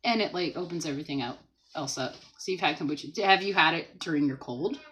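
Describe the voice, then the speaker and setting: A woman hosting a casual livestream from home, chatting, laughing often and reading viewer comments aloud, and talking gently to a small child beside her. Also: sits low, fast, poor audio. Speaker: livestream host.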